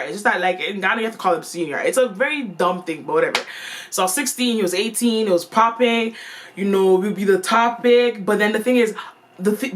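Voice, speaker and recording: A young woman telling a storytime vlog in an animated, playful and slangy way. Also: medium pitch. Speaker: vlogger.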